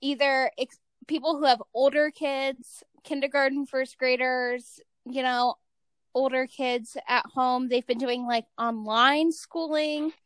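A woman's voice: sits high, steady tone, slow, no echo. A woman in her thirties hosting a podcast in a casual, chatty way, saying "like" often and laughing easily. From East Coast / Midwest United States. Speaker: podcast host. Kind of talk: casual chat.

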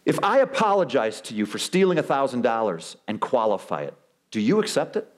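A male pastor preaching a sermon, animated, acting out quoted excuses with big swings in his voice. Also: mid-range voice, a little fast. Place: church sanctuary.

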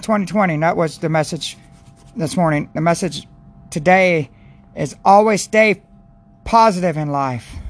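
A man hosting a casual faith podcast, talking in an earnest, rambling way with many restarts and praying aloud. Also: high voice. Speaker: podcast host.

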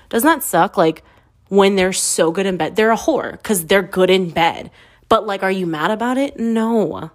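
A woman's voice: mid-range voice, normal speed. A woman in her early thirties hosting a podcast, telling candid stories in a casual, self-mocking way. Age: 30s. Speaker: podcast host. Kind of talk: casual confessional chat.

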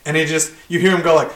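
High-voiced young man telling work stories. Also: noisy background. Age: young adult. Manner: profane, animated, laughing through the story. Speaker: tradesman telling a work story. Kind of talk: casual podcast storytelling. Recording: roomy echo.

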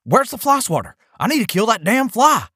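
A man voicing a cranky older husband with a bad hip, who yells, curses and mutters under his breath. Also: high voice, wildly swooping pitch, racing, husky, no room sound, clean studio sound, pitched above the performer's own voice, exaggerated voice. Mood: angry shouting. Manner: yelling, cursing, muttering.

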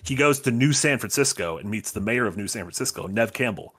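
Man, podcast co-host, casual and animated, bright voice. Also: fairly low pitch, brisk, breathy edge. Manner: enthusiastic, animated recapping. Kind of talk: casual chat.

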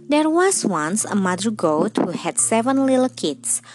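A woman storyteller reading a fairy tale aloud in a gentle, measured way. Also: medium pitch, sing-song, faint music behind.

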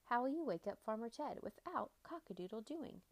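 A woman voicing slow, fretting dairy cows in a children's storybook reading, with drawn-out words. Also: on the high side, expressive, a little mellow.

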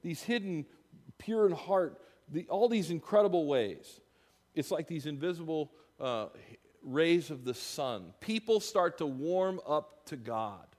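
A man preaching a sermon as pastor, emphatic and animated, rising loud and dropping soft. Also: a little high, unhurried. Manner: animated, emphatic preaching with big swings in loudness. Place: church sanctuary. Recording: long reverb of a church hall.

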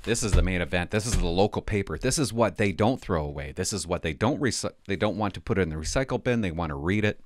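A man's voice: sits low, animated, fast, few pauses. A middle-aged man reading newspaper headlines aloud and mocking them with sarcastic, mock-indignant commentary.

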